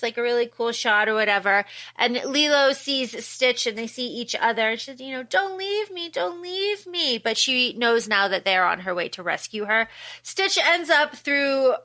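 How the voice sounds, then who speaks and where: Woman, podcast co-host, high pitch, bright tone, animated casual recap. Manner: animated, acts out quotes in funny voices. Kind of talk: casual movie recap chat.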